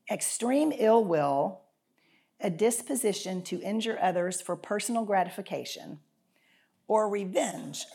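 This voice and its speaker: A woman giving a casual, folksy devotional talk as a podcast host, often clearing her throat. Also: medium pitch, a little mellow. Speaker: podcast host and Bible teacher.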